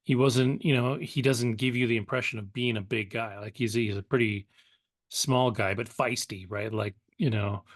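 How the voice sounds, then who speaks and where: A man co-hosting a pop culture podcast, talking in a relaxed, rambling way full of fillers. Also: medium pitch, normal speed, no echo, studio quality. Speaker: podcast co-host. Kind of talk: casual pop culture chat.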